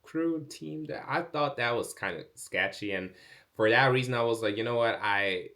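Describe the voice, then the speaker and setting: A young man telling a casual storytime vlog, chatty with fillers, acting out other people's lines with big jumps in pitch. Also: normal speed. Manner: animated, acts out quoted speech with big pitch jumps; chatty, many fillers like "like" and "bro". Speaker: vlogger.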